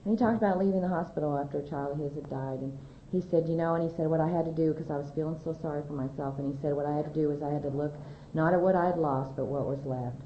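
A middle-aged woman from California telling her recovery story to a crowd, rambling and conversational with many fillers and restarts. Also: fast. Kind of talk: personal testimony talk to an audience. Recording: echoey hall, dull lo-fi sound, faint rumble.

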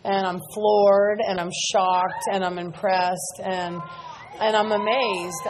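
A woman's voice: mid-range voice, a little hiss or hum. Earnest woman speaking at a big meeting. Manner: earnest, candid, repetitive emphasis. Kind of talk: personal testimony talk. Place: large meeting hall with audience.

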